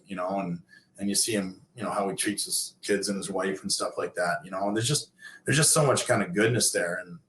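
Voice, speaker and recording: Middle-aged man, lowish voice, rambling storyteller, echoey room. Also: fairly bright tone, slight background noise. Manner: rambling, many fillers and restarts. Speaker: guest, former pro hockey player and coach. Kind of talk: casual storytelling in a podcast interview.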